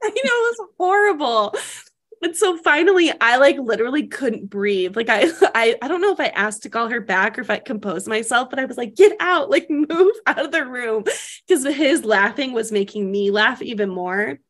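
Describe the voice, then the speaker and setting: A woman's voice: fairly high pitch, lively intonation, normal speed, fairly bright tone. A young woman co-hosting a casual chat, telling stories and often laughing as she talks. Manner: giggly, laughs through her stories. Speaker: podcast co-host.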